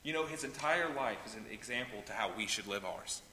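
A man's voice: fairly low pitch, lively intonation, a little fast. Impassioned male pastor preaching in a hall. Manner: impassioned preaching, swings from loud pleading to hushed. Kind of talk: sermon. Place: church sanctuary. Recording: reverberant hall with faint noise.

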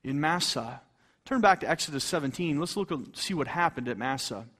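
A middle-aged man preaching a fervent sermon, reading scripture aloud and swinging between loud exclamations and hushed tones. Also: a little high, animated, brisk. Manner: reads scripture in King James English.

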